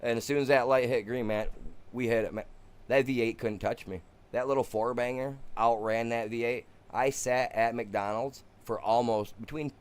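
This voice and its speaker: A middle-aged man from Michigan, live-streaming a farming game and telling a long, animated story in casual, slangy chat. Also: mid-range voice.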